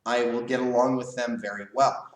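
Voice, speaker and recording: A man leads a live leadership class for karate students, explaining ideas in a casual coaching manner and checking in with "right?" as he goes. His voice sits at an ordinary middle pitch. He stands a little back from the mic in an echoey room. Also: steady tone, moderate pace, recorded from a distance. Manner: casual coaching tone, asks "right?" often, varies volume. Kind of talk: live online class lecture.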